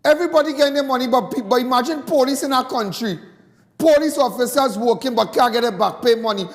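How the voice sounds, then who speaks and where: A Trinidadian man calls in to a talk radio show and rants with passion, indignantly repeating his points. His very high voice comes fast, trailed by a long reverb.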